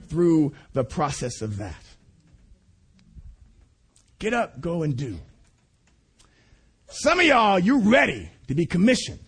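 A middle-aged man delivers a sermon built around a personal story. His voice is husky and sits high, swinging widely in pitch. He repeats phrases and laughs between them as he goes. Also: a bit bright. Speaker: preacher at a student conference.

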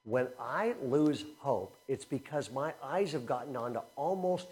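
A man preaching a sermon to his congregation, telling stories with animated bursts and slowing down for earnest, repeated emphasis. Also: medium pitch. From Southern California. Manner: animated storytelling with laughter, then slow earnest emphasis. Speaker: pastor. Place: church before a congregation.

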